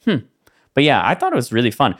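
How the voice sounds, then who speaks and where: A man's voice: medium pitch, huge pitch swings, fast. A man co-hosting a podcast in casual, rambling chat, loose and full of fillers. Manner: laid-back, rambling with many fillers and laughs. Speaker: podcast co-host.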